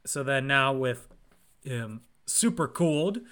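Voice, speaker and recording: A male podcast co-host with a medium-pitched, fairly bright, clean voice speaks slowly but animatedly. He casually retells a film's plot in a movie recap chat, tossing in sarcastic jokes along the way.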